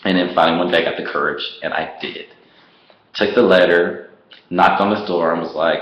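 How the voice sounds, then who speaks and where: A man vlogger telling his personal story to the camera in an animated way, laughing often and acting out what he once said. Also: low-pitched, a little fast. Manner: animated, laughs often, acts out his own past words. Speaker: online business vlogger. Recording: roomy echo.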